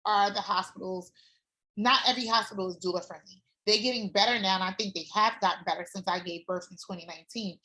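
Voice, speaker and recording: A woman guest telling her own story in a casual chat, candid and animated, swearing freely. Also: medium pitch, quick pace. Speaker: former doula client, guest.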